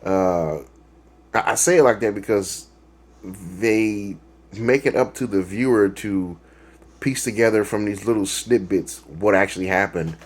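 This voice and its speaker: Guy with a kinda low breathy voice, rambling reaction video talk, lots of uhs, cracks himself up. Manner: rambling, full of fillers and restarts; self-deprecating, laughs at his own jokes. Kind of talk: casual rambling review.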